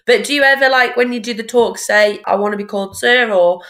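Relaxed woman podcast host. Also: on the high side, brisk. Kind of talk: casual chat.

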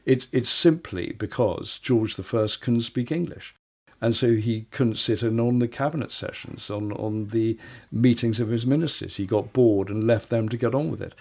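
A man with a gravelly, creaky voice tells history anecdotes in a relaxed podcast conversation. He often repeats words and restarts his sentences as he goes. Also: lowish voice. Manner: stammering restarts, storytelling.

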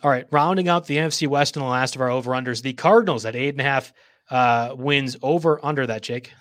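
A man's voice: mid-range voice, quick pace, a bit bright, no room sound, studio quality. A man hosting a sports podcast in casual chat, upbeat as he steers the talk and signs off. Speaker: podcast host.

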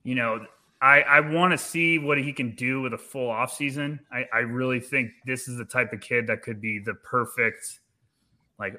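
A man talking as a panelist on a sports podcast, animated and repeating words as he starts his thoughts. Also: medium pitch, normal speed. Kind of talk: casual sports podcast chat.

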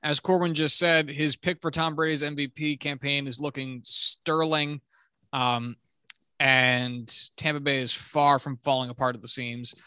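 Bright-voiced man in casual sports chat. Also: on the high side, level tone, a little slow, clean tone, dry recording, studio quality. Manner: chatty, self-deprecating, joking trash talk. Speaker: podcast co-host.

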